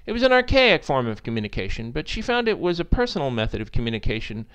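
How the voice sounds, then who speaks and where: A man narrating a story in an expressive, animated reading style. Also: medium pitch, fast, smooth, muffled recording.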